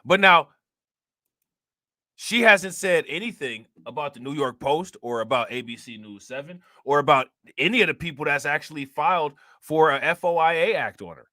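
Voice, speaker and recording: A man's voice: on the high side, lively intonation, moderate pace, sharp tone, no room sound, clean studio sound. Heated man firing rhetorical questions. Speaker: reaction channel host. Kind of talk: opinion commentary to viewers.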